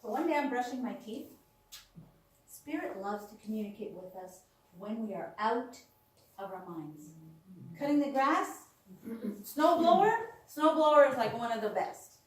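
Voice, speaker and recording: In an unhurried, fairly high voice, a woman relates stories from her own life to a small gathering. She's animated and acts out what others told her. The mic catches her from a distance in a reverberant room.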